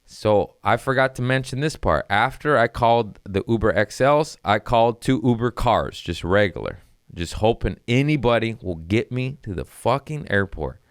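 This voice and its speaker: A young man tells a wild story in a casual, profane way. His low voice leaps around with lively swings of pitch. The sound is dry and close. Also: normal speed, no room sound. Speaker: comedian podcast host.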